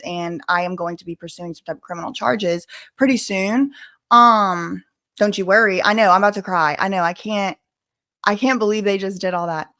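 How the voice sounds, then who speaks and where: A young woman hosting a casual livestream, reading out donations in an excitable, gushing way and swinging between chatty and emotional. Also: mid-range voice. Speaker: livestream host.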